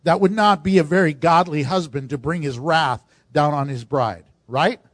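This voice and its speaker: A man preaching as pastor, animated, acting out the voices of people he quotes. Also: a little high, moderate pace, dry recording. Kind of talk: sermon.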